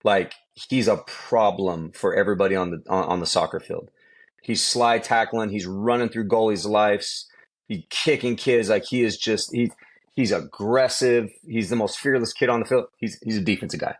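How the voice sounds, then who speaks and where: Speaking at a moderate pace with a fairly low pitch, a middle-aged quarterback coach spins stories during a relaxed podcast conversation. He's lively and forceful, often repeating phrases for emphasis.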